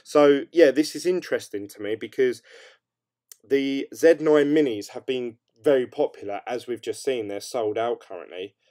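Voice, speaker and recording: A man's voice: mid-range voice, normal speed, a little mellow. A young man chatting casually on a livestream, rambling and upbeat, with lots of hedges and fillers as he reads out viewer comments. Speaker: crypto mining streamer. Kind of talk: casual late-night livestream chat, reading viewer comments.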